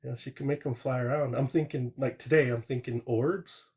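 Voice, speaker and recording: A man tells a true ghost story as a guest on a live stream. His voice sits at an ordinary middle pitch. He rambles in a plain-spoken way, restarting sentences and adding asides as he goes. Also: steady tone, brisk, a little mellow. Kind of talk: casual storytelling.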